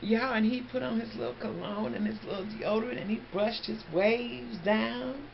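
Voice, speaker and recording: A woman telling a story in a casual, animated way, talking straight to her viewers. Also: a little high, normal speed, vocal fry. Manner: animated, chatty, addresses listeners as y'all. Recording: dull lo-fi, faint background noise.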